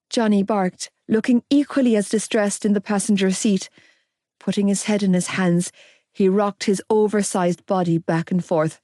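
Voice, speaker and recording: A woman narrating a romance audiobook in the first person, expressive and unhurried. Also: mid-range voice, dry recording, studio quality.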